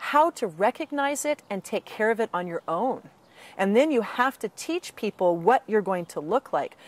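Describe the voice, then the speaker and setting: A woman answering interview questions as an author and patient advocate, speaking earnestly and slipping into animated quoted voices, with some breathing trouble. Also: medium pitch.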